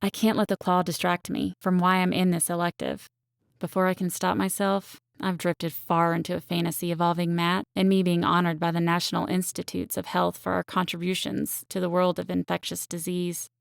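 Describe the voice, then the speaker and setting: Gravelly low-voiced woman narrating an audiobook. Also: little pitch movement, moderate pace, dry recording, studio quality. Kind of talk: first-person romance audiobook narration.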